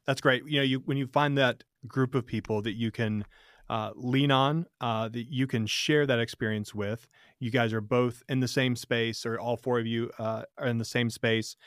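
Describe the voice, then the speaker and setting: Male host, mid pitch, rambling and conversational, dry close mic. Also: moderate pace, dry recording. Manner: rambling, with many fillers and restarts, animated when joking. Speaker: podcast host. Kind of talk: casual interview conversation.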